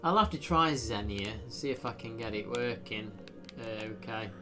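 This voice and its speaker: A man's voice: fairly low pitch, normal speed, music in the background. A man chatting casually while live streaming a video game, rambling with lots of fillers. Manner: rambling, self-deprecating, frequent fillers.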